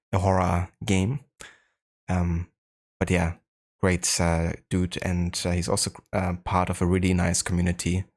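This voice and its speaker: A man with a German accent chatting casually on a live game stream, greeting viewers in a laid-back way with frequent fillers. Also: sits low.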